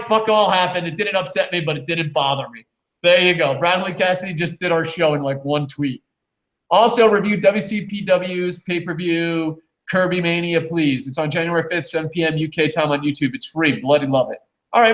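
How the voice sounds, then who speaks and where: A man's voice: fairly high pitch, fairly bright tone. Profane, rambling podcast man in an echoey room. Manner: loose and profane, rambling with quick jokes. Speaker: podcast co-host reading viewer comments. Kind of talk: casual wrestling review chat. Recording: roomy echo.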